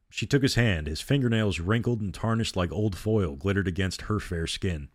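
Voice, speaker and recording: A male storyteller reading a horror novel aloud in a measured, steady way. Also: fairly low pitch, no echo, studio quality.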